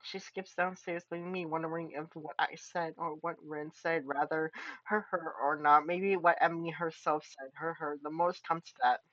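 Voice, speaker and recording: Bright-voiced man reading a game aloud. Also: fairly high pitch, normal speed, no echo, lo-fi sound. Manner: animated, yells and laughs in reaction. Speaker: game streamer. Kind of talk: reading a visual novel aloud with reactions.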